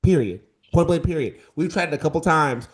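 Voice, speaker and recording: A man's voice: on the high side, lively intonation, brisk. Emphatic campy male podcast co-host. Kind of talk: casual podcast debate.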